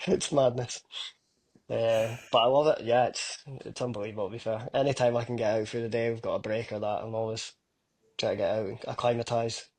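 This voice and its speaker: A Scottish man in his thirties talks easily as a podcast guest. He swears casually and tells his stories with energy. His voice sits at a middle pitch. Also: brisk. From Scotland. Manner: lively, swears casually, tells vivid anecdotes. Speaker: professional footballer guest.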